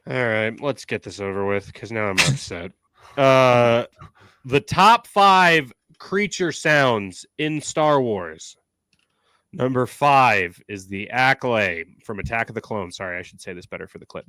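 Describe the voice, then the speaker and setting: A man's voice: mid-range voice, animated, measured pace, fairly bright tone, dry recording. A young man co-hosting a podcast, chatting casually and tripping over his words. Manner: rambling, trips over words. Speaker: podcast co-host. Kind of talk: casual chat.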